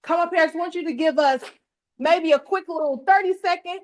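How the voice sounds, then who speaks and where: A woman's voice: very high-pitched, quick pace. A woman leading a motivational workshop, pumping up a live audience with colloquial call-and-response. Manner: colloquial, uses "y'all". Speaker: workshop speaker. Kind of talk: energetic motivational workshop talk.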